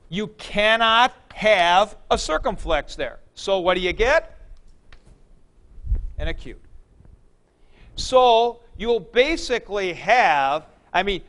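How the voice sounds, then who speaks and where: A man teaching a class, asking questions and answering them himself, often clearing his throat. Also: sits high, fairly bright tone. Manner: uses sports comparisons and jokes. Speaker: Greek teacher. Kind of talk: classroom lecture.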